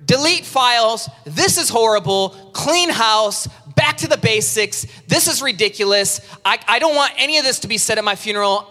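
A man preaching an animated sermon, acting out worried churchgoers in a high, strained voice. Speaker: pastor. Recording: reverberant hall sound.

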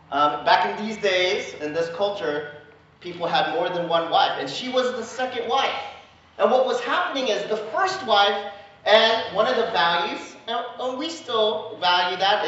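A woman pastor giving a lively, playful sermon to the congregation in a church. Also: a little high. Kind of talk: sermon with children's activity. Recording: echoey, dull church sound.

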